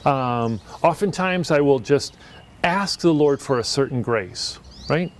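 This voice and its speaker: A man's voice: medium pitch, expressive, measured pace. Earnest man, a priest chatting. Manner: earnest, reflective, talks in loose restarts. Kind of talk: casual conversation.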